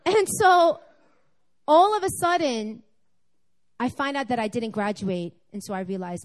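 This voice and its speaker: A woman speaking at a church service, telling a personal testimony in an animated, storytelling way. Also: medium pitch, normal speed. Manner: animated storytelling, acting out dialogue.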